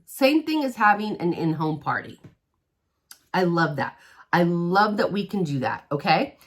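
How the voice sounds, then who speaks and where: A woman's voice: medium pitch, a bit bright. A middle-aged woman selling products in a chatty, upbeat way, often checking in with "okay?". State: out of breath. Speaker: direct sales consultant. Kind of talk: casual direct-to-camera pitch.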